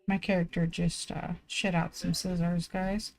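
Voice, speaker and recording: A woman's voice: fairly low pitch, level tone, a little slow, darkish tone, poor audio. A woman live streamer chatting casually from home, rambling and self-deprecating, swearing freely and filling her talk with "like". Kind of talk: casual chat.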